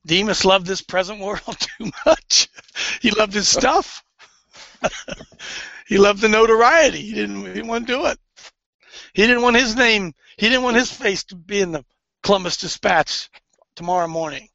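A man preaching fervently, swinging between hushed and loud, sounding tearful. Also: sits high, moderate pace, vocal fry, long pauses, no echo. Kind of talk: impassioned preaching. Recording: dull lo-fi recording.

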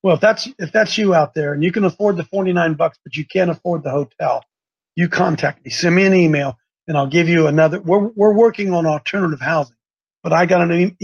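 A man hosting a live call-in show, talking in an excitable, preachy, rambling way. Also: on the high side, vocal fry, husky, muffled recording.

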